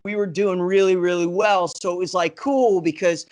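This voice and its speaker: A man's voice: high-pitched, steady tone, moderate pace. A man in his fifties, a guest musician on a podcast, telling enthusiastic, rambling anecdotes full of "you know". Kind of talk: casual podcast storytelling.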